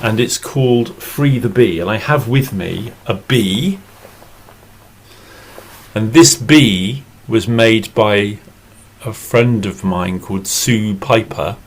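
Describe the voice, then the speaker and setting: Slow, expressive storyteller man. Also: on the low side, slight background noise, poor audio. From England. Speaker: storyteller and English teacher. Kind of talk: oral storytelling.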